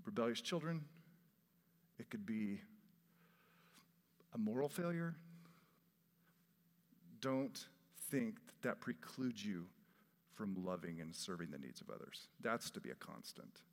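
A man preaching a sermon in a church, earnest and animated, breaking into laughs and asides. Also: medium pitch. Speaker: pastor. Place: church sanctuary. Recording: long hall reverb.

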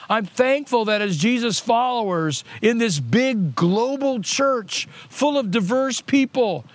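A man's voice: extremely high pitch, dry recording. A middle-aged male pastor preaching a sermon earnestly, restating key points on purpose to drive them home.

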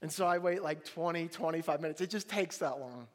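A man preaching a sermon as a pastor, telling a family story in an animated, jokey way and acting out the dialogue. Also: a little high, brisk. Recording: long reverb of a large hall.

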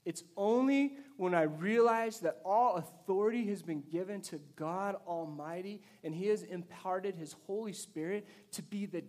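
A man preaching a sermon to his congregation with energy, swinging between loud, emphatic bursts and quiet intensity. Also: fairly high pitch. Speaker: pastor. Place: church service before a congregation.

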